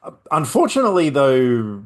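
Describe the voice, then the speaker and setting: A man's voice: medium pitch, wildly swooping pitch, moderate pace. Rambling male podcast host. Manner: rambling, lots of fillers and asides. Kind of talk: casual film chat.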